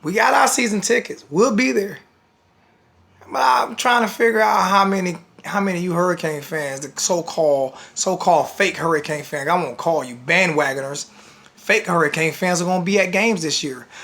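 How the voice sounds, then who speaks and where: A man's voice: high voice, moderate pace, vocal fry, a bit bright. A man with a blunt, scolding manner, ranting to the camera as a sports fan vlogger.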